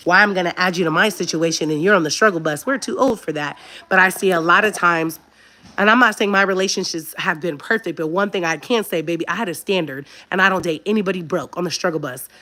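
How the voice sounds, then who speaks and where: A woman's voice: lowish voice, quick pace, pushed and bright. A woman hosting a casual livestream chat, talking candidly and directly to her viewers. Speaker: livestream host.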